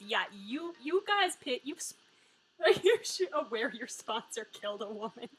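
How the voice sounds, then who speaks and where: A woman's voice: on the high side, very animated, normal speed, fairly bright tone, soft background music, poor audio. A woman live-streaming a story game, giving wry, joking commentary and swearing freely. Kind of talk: casual live-stream commentary, reading game lines aloud.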